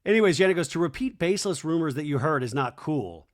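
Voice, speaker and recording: A man's voice: on the high side, expressive, quick pace. A man hosting a comedic TV recap podcast, chatty and gossipy, acting out quoted lines as he retells scenes. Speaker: podcast host.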